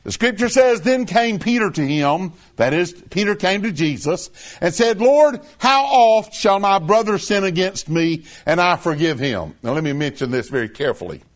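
A man's voice: high voice, lively intonation, normal speed. A man preaching a sermon, earnest and emphatic, who repeats phrases for stress.

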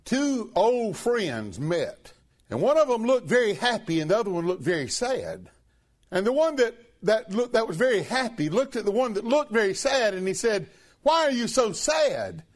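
Casting note: male preacher, high pitched voice, emphatic sermon delivery with big swings from loud and high to low and hushed. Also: big pitch swings, moderate pace. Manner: emphatic, rising to high-pitched stresses, then dropping low and quiet.

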